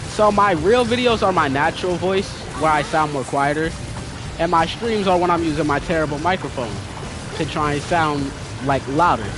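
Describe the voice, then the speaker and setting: A young man chatting casually with viewers while playing a game, in a slangy, talkative way. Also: on the high side. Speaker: gaming streamer. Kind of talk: casual gameplay commentary. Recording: game music playing behind.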